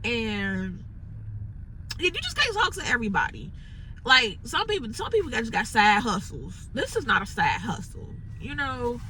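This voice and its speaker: A woman's voice: on the high side, wildly swooping pitch, moderate pace, sharp tone, a little hiss or hum, poor audio. A woman from Chicago venting frustrated, rambling thoughts into her phone from inside a parked car, full of "like" fillers. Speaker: entrepreneur vlogger. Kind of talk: unscripted venting monologue.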